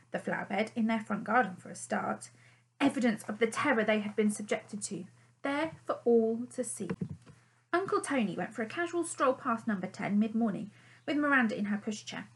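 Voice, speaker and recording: Animated woman narrating a children's story. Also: fairly high pitch, poor audio. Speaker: audiobook narrator.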